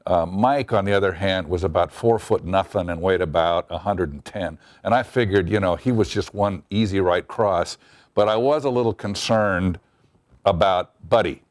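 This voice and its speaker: A middle-aged man, a TV writer, recalls a wry story from years ago during an interview and performs the quoted lines. He speaks at normal speed in a low voice, captured with clean studio sound and no echo.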